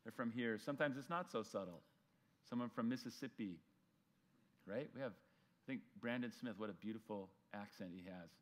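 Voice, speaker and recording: Guy pastor giving a sunday bible teaching, relaxed and chatty, does little voices for the characters. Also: fairly low pitch, moderate pace, long pauses. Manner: conversational, acts out voices of people in the story. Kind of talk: sermon.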